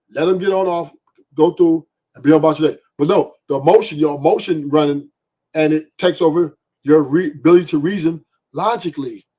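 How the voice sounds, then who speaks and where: A man's voice: fairly high pitch, mellow, slightly rough. A man hosting a podcast, giving blunt, profane opinions and often asking "right?". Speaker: podcast host.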